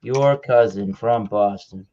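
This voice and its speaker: A man from Massachusetts with a Massachusetts accent, chatting casually as co-host, dry and quick to laugh. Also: fairly low pitch, mellow, muffled recording. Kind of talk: casual chat.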